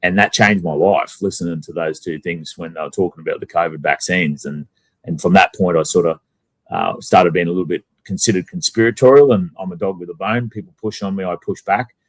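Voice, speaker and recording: A man's voice: low voice, a little fast, no echo. An Australian man telling a rambling story in a casual podcast chat, swearing bluntly. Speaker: guest.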